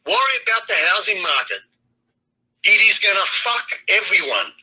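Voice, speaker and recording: A heated Australian man rants with constant swearing and hard emphasis. His voice sits high for a man and comes out sharp and tense, with a husky edge. The sound is tinny and thin, like a phone line. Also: sing-song, moderate pace. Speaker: trading chat host. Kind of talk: blunt rant to an online audience.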